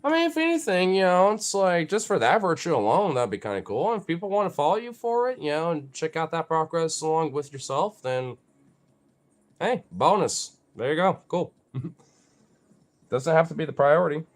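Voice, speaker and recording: In a casual vlog, someone rambles at a moderate pace in a mid-range voice with big pitch swings. They fill their talk with "you know" and "like" and playfully tease and swear at their pets.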